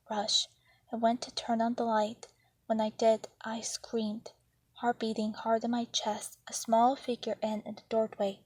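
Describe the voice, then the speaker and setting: A woman reading a novel chapter aloud in the first person, in a steady, even way. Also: a little high, no echo. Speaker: narrator.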